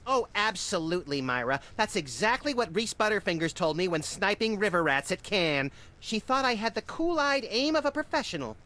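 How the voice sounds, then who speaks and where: An actor voicing a small, unhinged, wisecracking creature in a video game, gleeful about violence. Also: male voice, high voice, big pitch swings, a little fast, pushed and bright, exaggerated voice.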